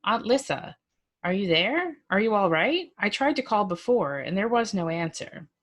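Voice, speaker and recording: Lady reading as an anxious young guy calling his aunt, pitched up and pressing. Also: sing-song, normal speed. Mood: worried. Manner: anxious, questioning. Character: worried young man on the phone.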